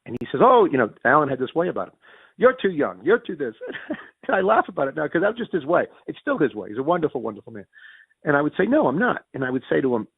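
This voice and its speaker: A man with a Yankee accent tells business stories in an interview, his gravelly, slightly husky voice leaping around in pitch as he plays out each quoted exchange. He trips over his words and restarts often. The sound is thin and phone-like, with no room around it. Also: fast, dry recording. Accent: Northern US Yankee. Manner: animated, acts out quoted dialogue with big pitch jumps; frequent restarts and repeated words. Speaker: interview guest. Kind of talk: storytelling in a conversational interview. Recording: tinny phone-like dry audio.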